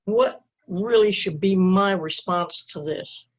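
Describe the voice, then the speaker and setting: A woman's voice: mid-range voice, slow. A woman student asking a direct question in a virtual lesson over a video call. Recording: dull lo-fi video call audio.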